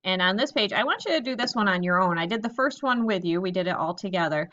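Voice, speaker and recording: A woman teacher giving a recorded lesson to young children, reading example sentences slowly and thinking aloud about each one. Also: mid-range voice, expressive, fairly bright tone, highs cut off.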